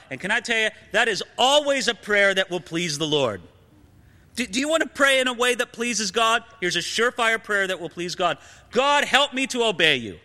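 A man's voice: very high-pitched, bright, forceful tone. A pastor preaching a sermon in an earnest manner, his voice rising with emphasis. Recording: long hall reverb.

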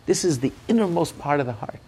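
Gravelly man preaching with passion. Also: on the high side, animated, fast, darkish tone. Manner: impassioned, with repeated restarts. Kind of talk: sermon.

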